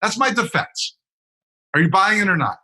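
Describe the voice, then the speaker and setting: Husky, bright-voiced podcast co-host. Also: male voice, high-pitched, expressive, moderate pace, low-quality recording. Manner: explanatory, teasing, laughs at co-host. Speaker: dentist co-host. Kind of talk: casual podcast chat.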